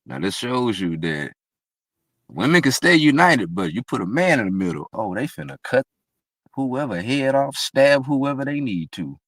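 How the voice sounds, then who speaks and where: A man's voice: mid-range voice, very animated, normal speed, fairly bright tone, dry recording. A man chatting casually on a stream, agreeable and laid-back. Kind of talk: casual chat. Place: in a vehicle.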